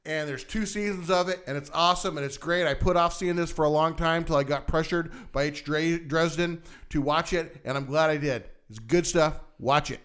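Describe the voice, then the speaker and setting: A man co-hosting a casual show-review chat, rambling and halting with many fillers and restarts. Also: a little high, fairly bright tone. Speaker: podcast co-host.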